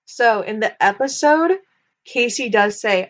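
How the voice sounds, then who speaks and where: A woman's voice: medium pitch, a little slow. Chatty young woman reviewer. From United States. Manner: chatty, many filler likes, nitpicky asides. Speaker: book reviewer. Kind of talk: casual commentary.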